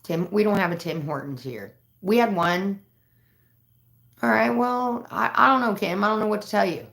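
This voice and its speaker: A woman's voice: mid-range voice, normal speed, vocal fry, a bit bright, echoey room. A woman chatting casually on a livestream from home, rambling and swearing freely. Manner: profane, rambling storytelling. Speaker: live streamer.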